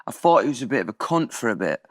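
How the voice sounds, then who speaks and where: A man's voice: mid-range voice, quick pace, dry recording. Young man with an English accent, slangy and loose, dry close sound. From England. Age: 20s. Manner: animated, swearing, slangy. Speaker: guest musician. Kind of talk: casual chat.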